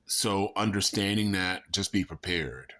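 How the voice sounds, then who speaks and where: A man giving a casual monologue to camera from his living room, talking in a conversational way with animated bursts of emphasis. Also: low voice, unhurried. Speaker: vlogger.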